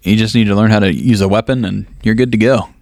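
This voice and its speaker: A man's voice: lowish voice, steady tone, quick pace, creaky, a little mellow, no echo, studio quality. A man co-hosting a casual movie podcast, recapping plot in a rambling way full of fillers and laughs. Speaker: podcast co-host. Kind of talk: casual movie review chat.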